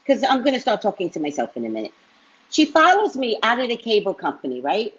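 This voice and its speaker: Husky woman telling a lively story. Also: a little high, fast talker. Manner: animated, tags lines with "right?". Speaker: psychic reader on a live stream. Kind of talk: casual storytelling to viewers. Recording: dull lo-fi stream audio.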